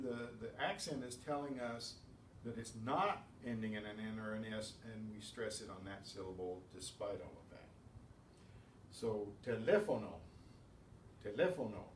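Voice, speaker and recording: A man teaching a beginners' language class, calling out each word loudly and then explaining it more quietly. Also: mid-range voice. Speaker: Spanish teacher. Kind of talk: slow, patient pronunciation drill. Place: class room. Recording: roomy, from far off, faint hiss.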